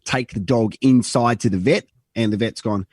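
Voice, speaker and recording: A man's voice: mid-range voice, normal speed, a little mellow, husky, no echo. An Australian man in his thirties, co-hosting a radio show, telling a long rambling anecdote in casual chat and acting out what people said. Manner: rambling anecdotal storyteller, swearing, acting out quotes.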